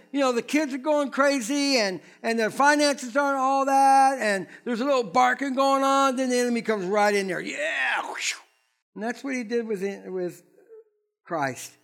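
A pastor giving a sermon in an animated, conversational way, full of asides to the congregation. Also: male voice, very high-pitched.

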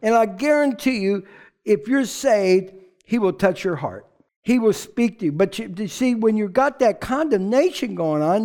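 A male pastor gives a loose, conversational sermon in a fairly high voice with a rough, gravelly edge. He is emphatic and informal, and at times he sinks into a quiet, heartfelt hush. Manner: informal and emphatic, drops to a hushed, emotional tone.

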